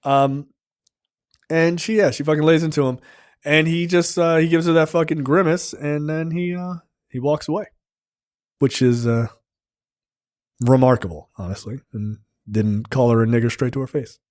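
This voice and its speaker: Swearing podcast guy recapping a movie, kinda high voice, dry sound. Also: normal speed, dry recording. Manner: profane, animated scene-by-scene retelling. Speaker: film review podcast host. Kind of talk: casual chat.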